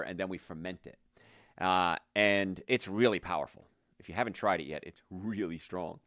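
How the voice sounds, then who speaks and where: A man's voice: on the low side, a bit bright, dry recording, studio quality. A middle-aged man hosting a health show, chatting casually with personal asides and fillers. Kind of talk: casual health talk to camera.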